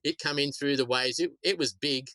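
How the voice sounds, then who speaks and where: A man's voice: medium pitch, steady tone, normal speed, sharp tone, dry recording, low-quality recording. A middle-aged Australian man, a shark attack survivor, telling stories casually in a rambling way, often repeating words. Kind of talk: casual storytelling interview.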